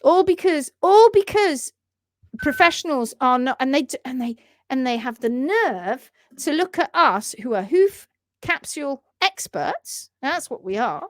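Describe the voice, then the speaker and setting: A woman's voice: high-pitched, unhurried, dry recording, clean studio sound. A woman hosting a livestream about hoof trimming, talking in emphatic, indignant bursts and reading out viewer comments. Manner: animated, emphatic, indignant rants.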